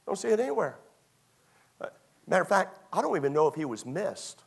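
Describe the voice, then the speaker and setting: This male pastor's voice sits high, swinging widely in pitch, a little fast, with vocal fry and a breathy edge. Preaching to young people in church, he retells a story conversationally, repeating himself and acting out small moments.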